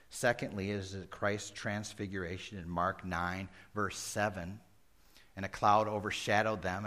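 A man with a low voice preaches a sermon. He mixes folksy jokes with earnest scripture reading. His delivery swells to loud, emphatic peaks and then sinks to hushed, almost whispered lines. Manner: folksy asides and humor. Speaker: pastor.

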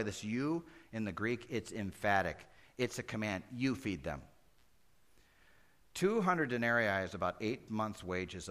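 Man, pastor, bright tone; lively verse-by-verse preaching that drops to quiet asides. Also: on the low side. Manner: animated, swings between loud and hushed; acts out Bible characters conversationally. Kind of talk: expository sermon.

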